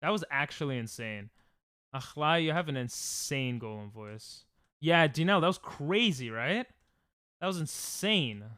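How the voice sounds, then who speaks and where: A man's voice: a little high, expressive, measured pace, pushed and bright, smooth, no room sound. A young man chatting casually on a live stream while gaming, joking, laughing often and reading chat aloud from a close desk mic at home.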